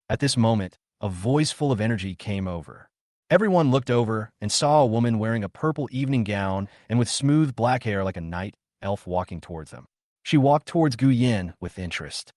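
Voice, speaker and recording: A man narrating a comic recap story in a steady, scripted storytelling way. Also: lowish voice, normal speed, no echo, studio quality.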